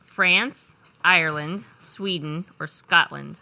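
A woman's voice: lowish voice, slow, gravelly, pushed and bright. A woman co-hosting a radio show, reading trivia questions in casual banter. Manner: upbeat, reads questions aloud. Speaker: radio co-host running a quiz.

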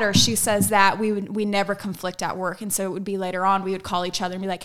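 A woman's voice: mid-range voice, monotone, fast talker, hardly any pauses, fairly bright tone, clean tone. A young woman, telling upbeat stories in a casual chat about working with her mother. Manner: upbeat storytelling with small laughs. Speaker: salon colorist, guest.

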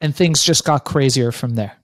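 A man in his fifties, an author and guest, telling his story in an animated, profane way. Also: medium pitch, moderate pace, no echo. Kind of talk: storytelling interview.

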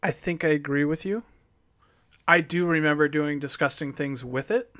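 A man co-hosting a casual card-game discussion, talking in a halting way with many fillers and trailing thoughts. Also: on the high side, a bit bright, dry recording, clean studio sound. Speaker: podcast co-host.

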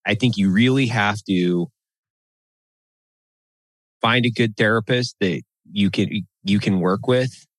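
A man talking bluntly and with a lot of swearing in a casual podcast chat, getting animated when he rants. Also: fairly low pitch, slow pace, long pauses, no echo.

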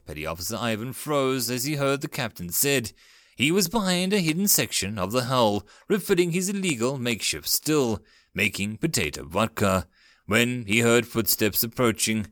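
A man narrating an audiobook of a web novel in an expressive reading voice. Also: medium pitch, normal speed, no echo, studio quality.

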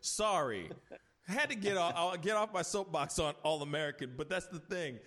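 Male podcast host, animated delivery, slightly higher pitch, very lively range. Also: moderate pace. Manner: animated, ranting with mocking quoted voices. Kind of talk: casual chat.

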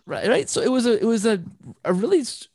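A man's voice: extremely high pitch, big pitch swings, quick pace, darkish tone, no echo, studio quality. A man telling a long personal story in an interview, full of restarts and asides. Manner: rambling, frequent restarts. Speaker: interview guest. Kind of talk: conversational storytelling.

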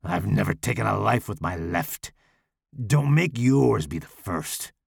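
A hulking, deformed slasher villain, voiced by a man, sneers through a rough, gravelly growl that swings between low menace and crude mockery. His speech rises and falls widely, and the audio is close and dry. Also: expressive, measured pace, no room sound, exaggerated voice. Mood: menacing, crude. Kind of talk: audiobook character voice.

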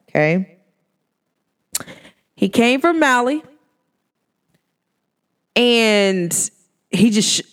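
Animated woman with a lively, swooping voice. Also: mid-range voice. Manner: animated, slangy, laughs often and acts out quotes. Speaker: podcast host. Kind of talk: casual spiritual storytelling monologue.

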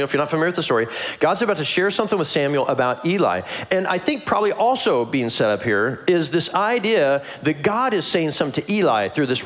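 A pastor preaching a sermon, retelling scripture with humor and acting out the characters' voices. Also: male voice, fairly high pitch. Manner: animated, humorous storytelling with acted voices.

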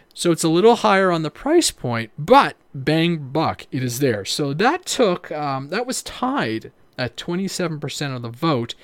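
A man's voice: fairly high pitch, dry recording. A man hosting a casual livestream, rambling, with many fillers and restarts. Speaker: livestream host.

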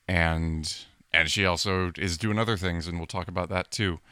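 A man's voice: sits low, fairly even intonation, moderate pace, pushed and bright, clear, resonant tone, no echo, clean studio sound. A young man co-hosting a casual film podcast in a laid-back, easygoing way. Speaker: podcast co-host.

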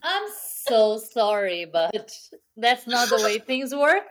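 A woman co-hosting a podcast in casual chat, reacting to the story and cutting in with quick remarks. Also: on the high side, sing-song. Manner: reactive, quick to laugh and interject. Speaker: podcast co-host.

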